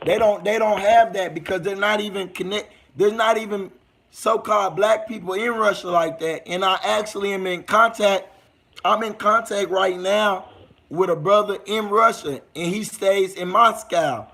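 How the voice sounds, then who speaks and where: High, gravelly Southern man livestreaming. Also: fairly even intonation, moderate pace, bright, forceful tone. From United States. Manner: loose, rambling street talk to viewers. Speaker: livestream host. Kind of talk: casual livestream chat.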